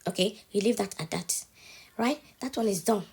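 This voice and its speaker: A woman's voice: mid-range voice, normal speed, a little mellow, husky. A woman with a cold, talking through a casual step-by-step phone tutorial at home, checking in with the viewer after every step. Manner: chatty, keeps checking in with the viewer. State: has a cold. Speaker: TikTok tutorial creator.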